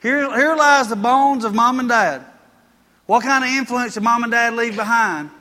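A man's voice: extremely high pitch, normal speed, bright, forceful tone. A man preaching a sermon, telling folksy stories and building to emphatic points. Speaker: pastor. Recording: long reverb of a church hall.

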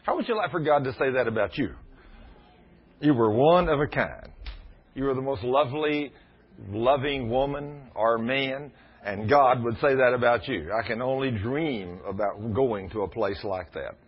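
A middle-aged man, preaching a storytelling sermon in a folksy, animated way. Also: mid-range voice, moderate pace, breathy edge. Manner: folksy, animated, laughs at his own stories. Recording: dull lo-fi recording.

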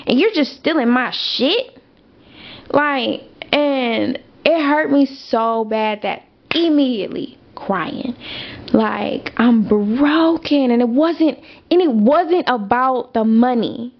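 A young woman hosting a podcast, telling a personal story in a casual, animated, emphatic way with lots of fillers. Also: a little high, slow. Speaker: podcast host. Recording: dull lo-fi audio.

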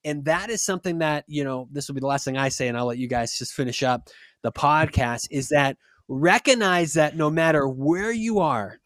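A man's voice: on the high side, normal speed, fairly bright tone, no room sound, studio quality. A young man hosting a faith podcast, talking in an earnest, encouraging, preachy way, with frequent restarts. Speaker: podcast host. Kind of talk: casual faith podcast talk.

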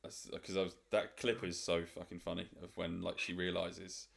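Gravelly low-voiced man. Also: flat delivery, a bit bright. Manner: laughing, swearing, quick banter. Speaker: podcast host. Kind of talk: casual chat.

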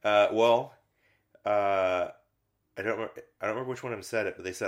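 Deep-voiced man rambling about movies. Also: fairly quick. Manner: rambling, many fillers and restarts. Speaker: podcast co-host reviewing films. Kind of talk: casual chat.

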